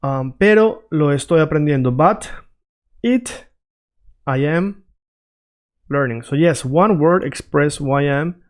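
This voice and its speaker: A man teaching Spanish in a casual freestyle lesson, checking in with his listeners often and repeating phrases slowly to drill them. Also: fairly high pitch. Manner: conversational, checks in often with "right?" and "all right?".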